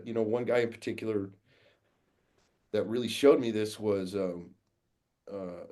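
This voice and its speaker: Low raspy male coach, swears freely, tells it straight. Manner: blunt, profane, animated storyteller. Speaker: guest, fathers' coach. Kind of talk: casual podcast storytelling.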